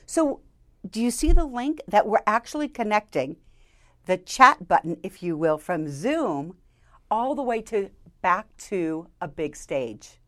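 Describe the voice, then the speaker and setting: A woman, a keynote speaker, giving interview advice in an animated, emphatic way. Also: a little slow. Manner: animated, emphatic delivery with lively pitch swings. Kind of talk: conversational interview, coaching tips.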